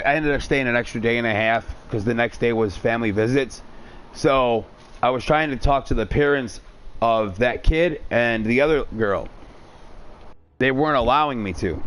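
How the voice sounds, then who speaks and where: Guy swearing a lot telling a story, mid pitch voice, bit of noise behind. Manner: profane, blunt, quotes himself often. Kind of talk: casual storytelling on stream.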